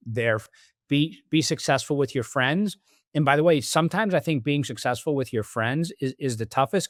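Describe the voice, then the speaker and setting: A man's voice: medium pitch, no echo. Business guy guest on a podcast, tells stories and does the voices of people he's quoting, dry close sound. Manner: animated storyteller acting out quoted dialogue. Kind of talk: conversational interview.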